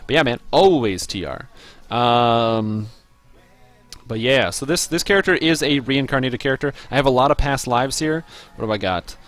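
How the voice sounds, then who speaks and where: A man chatting casually to his viewers while streaming a video game, rambling and reacting excitedly to the gameplay. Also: mid-range voice, moderate pace. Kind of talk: casual live-stream commentary.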